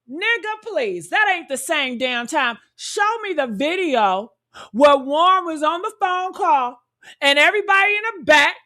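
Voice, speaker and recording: Woman host, high voice, blunt heated reaction commentary. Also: animated, measured pace, sharp tone. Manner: blunt, fired-up, rhetorical questions.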